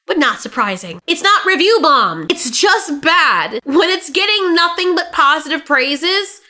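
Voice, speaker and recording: Bright-voiced woman doing sarcastic commentary. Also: high-pitched, very animated, measured pace. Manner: blunt, sarcastic, swears freely, laughs often. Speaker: reaction streamer. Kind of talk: animated reaction commentary.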